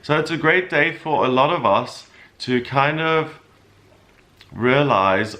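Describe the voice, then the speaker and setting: A man talking through the week's astrology as a horoscope reader, explaining calmly with loose, rambling asides. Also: mid-range voice, slow. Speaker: astrologer giving a weekly horoscope. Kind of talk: casual spoken forecast.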